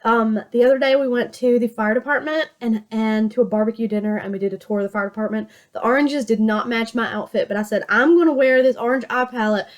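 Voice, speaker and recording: A woman's voice: fairly high pitch, fast talker, hardly any pauses. A chatty woman from Virginia with a Southern drawl, talking casually through her makeup routine and often poking fun at herself. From Virginia, USA. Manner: chatty, self-mocking, laughs often. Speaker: beauty vlogger.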